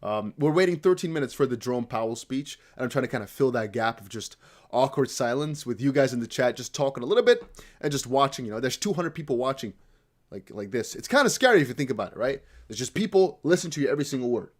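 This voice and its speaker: Crypto streamer, male, from the Netherlands, near-American accent, lively swinging delivery, loose off-the-cuff chatter. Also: mid-range voice, fast talker. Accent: American-sounding English with slight Dutch traces. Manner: rambling, animated, talks to chat. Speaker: crypto livestream host. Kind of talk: casual livestream chat.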